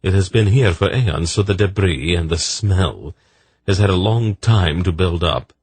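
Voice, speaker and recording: A man's voice: sits low, measured pace, darkish tone, husky, exaggerated voice. A man reading as a wry, worldly male character in an audiobook.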